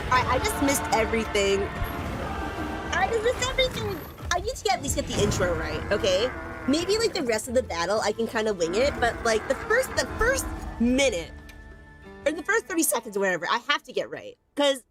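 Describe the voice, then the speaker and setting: Young woman, gaming streamer, bubbly and chatty, lively swooping voice, a bit high, soft game music behind. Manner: bubbly, self-teasing, chatty. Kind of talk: live gameplay commentary.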